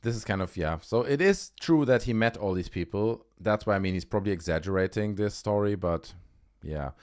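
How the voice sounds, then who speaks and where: A man's voice: fairly low pitch, fairly quick, a little mellow. A man hosting a livestream, giving casual, sarcastic commentary and swearing freely. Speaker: livestream host.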